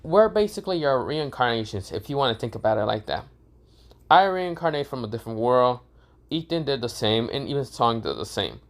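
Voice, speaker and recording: A man's voice: medium pitch, animated, brisk, natural voice. A man voicing a laid-back young man who explains things in an offhand, rambling way. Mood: explaining.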